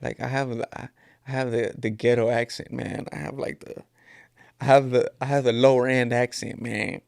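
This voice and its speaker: Man, 30s, California Mexican-American Spanglish accent, podcast host, loose joking ramble, gravelly, dry close sound. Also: medium pitch, steady tone, moderate pace, darkish tone, dry recording. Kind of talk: casual solo chat. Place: at home. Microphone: camera.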